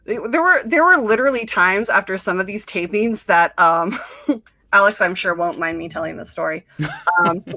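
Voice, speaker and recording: A young woman hosts a casual chat, talking in a bright, forward voice. She rambles warmly through stories with plenty of fillers and acted-out quotes. The sound is close and dry, with no room around her. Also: mid-range voice, moderate pace, no echo. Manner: chatty, many fillers and quoted asides. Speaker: podcast host.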